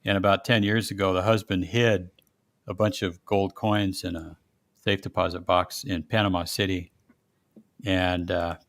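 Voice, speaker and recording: A chatty podcast host tells stories in a casual chat, laughing often and putting on voices for quotes. His voice sits on the low side, and the sound is dry with no room echo.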